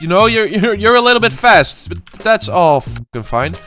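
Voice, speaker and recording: Young male gaming host, animated and frustrated, mutters and shouts, light music underneath. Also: sits high, normal speed. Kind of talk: gameplay commentary.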